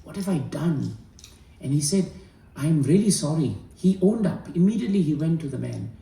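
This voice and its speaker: A man with a dark, gravelly voice tells a devotional tale, earnest and measured. He sits back from the mic in an echoey room, so his words ring off the walls. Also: on the high side, lively intonation, far from the mic. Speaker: spiritual storyteller. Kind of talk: devotional storytelling talk.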